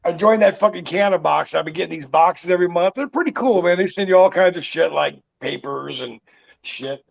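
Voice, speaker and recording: High, gravelly-voiced folksy man. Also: a little fast, highs cut off. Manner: folksy, profane, emphatic storytelling. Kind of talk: casual chat.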